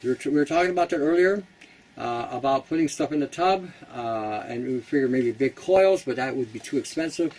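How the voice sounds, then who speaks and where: A man's voice: mid-range voice, lively intonation, fairly quick, darkish tone, distant mic, poor audio. A Canadian man hosting a casual how-to talk, blunt and rambling, who laughs at his own jokes. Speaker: host.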